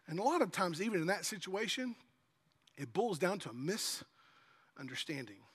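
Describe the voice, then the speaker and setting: A man's voice: high voice, sing-song, moderate pace, fairly bright tone, slightly rough. A man preaching a sermon in a church, reading scripture aloud and talking conversationally with the congregation, sometimes acting out voices of pleading kids. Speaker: pastor. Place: church sanctuary. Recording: long hall reverb.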